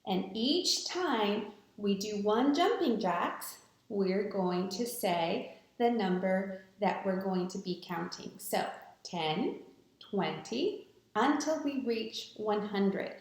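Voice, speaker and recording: A woman teaching a recorded math lesson to students, talking in a slow, patient, encouraging way. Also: mid-range voice, animated. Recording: echoey room.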